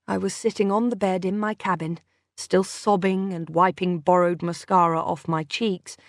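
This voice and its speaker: A woman narrating a first-person thriller audiobook in a measured, unhurried way. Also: mid-range voice, no echo, clean studio sound.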